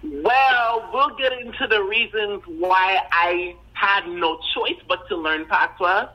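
A woman in her thirties with a Caribbean patois-tinged accent, a singer-songwriter and student, speaking calmly and self-assuredly as a podcast guest over the phone. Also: mid-range voice, slow pace. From Haitian descent. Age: 30s. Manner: calm, explanatory and self-assured. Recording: dull phone-line recording.

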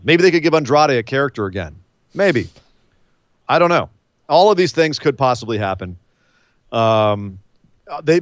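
A man co-hosting a casual wrestling recap chat, animated and acting out scenes in silly voices. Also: medium pitch, no room sound, highs cut off. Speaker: podcast co-host.

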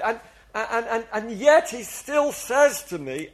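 A very high-pitched, animated preacher speaks at normal speed before a congregation in church. Earnest and confessional, he frequently restarts his phrasing and draws the people into call-and-response.

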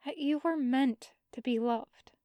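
Woman reading a warm, teasing young man. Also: sits high, measured pace, dry recording. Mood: tender. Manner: coaxing, gently scolding.

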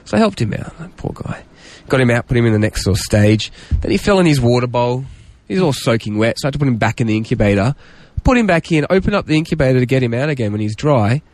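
A man's voice: medium pitch, animated, quick pace, few pauses, darkish tone, dry recording. A man hosting a casual radio show, telling stories chattily and laughing often. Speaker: radio host.

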